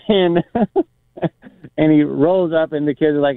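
Man, casual podcast storyteller, rambling, smooth voice, dry tinny phone-like sound. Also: fairly high pitch, a little slow, pauses often, dry recording. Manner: rambling, many restarts and fillers, acts out quotes.

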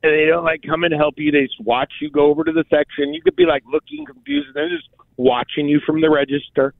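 A man chatting casually, telling animated stories and acting out what people said, with lots of "like" and "bro". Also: on the high side, fast, gravelly, no room sound. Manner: animated storyteller, acts out quotes, says "like" and "bro" often. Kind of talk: casual chat. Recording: dry, phone-like sound.

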